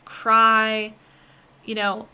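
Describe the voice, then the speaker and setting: A woman hosts a spiritual podcast in a loose, chatty monologue, full of fillers and direct asides to her listeners. Her voice sits a little high and sounds bright and forceful. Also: monotone, very slow, smooth. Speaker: podcast host.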